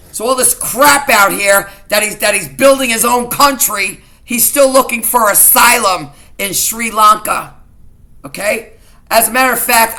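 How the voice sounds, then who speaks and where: A middle-aged woman talks straight to her camera in an agitated, indignant personal rant. Her voice has a bright, sharp edge, and she circles back over the same points and repeats lines. The pitch sits in a middle range for a woman. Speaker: vlogger.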